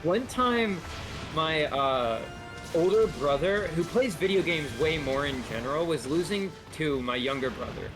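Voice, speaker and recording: A man with a slightly higher voice tells stories with animated energy and slips into quick impressions of others. Game music plays clearly underneath his voice. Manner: animated storyteller who mimics people. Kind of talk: casual storytelling chat.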